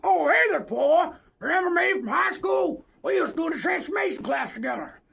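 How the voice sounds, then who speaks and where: A woman voicing a sleazy male talking pig with a loud, sly, teasing manner. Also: extremely high pitch, expressive, normal speed, vocal fry, heavily acted.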